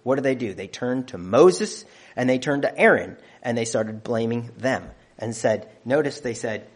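A man's voice: mid-range voice, normal speed. A man preaching a sermon, counting off numbered points with emphatic stress on key phrases.

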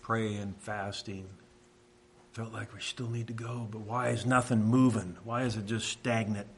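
A middle-aged man from Washington telling a personal faith testimony in a halting, reflective way, often pausing and restarting. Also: fairly low pitch, little pitch movement, a little hiss or hum. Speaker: speaker sharing a testimony.

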